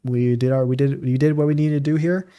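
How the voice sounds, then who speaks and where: Man, podcast co-host, casual chat, animated recap storytelling. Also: mid-range voice, fast talker, clean tone.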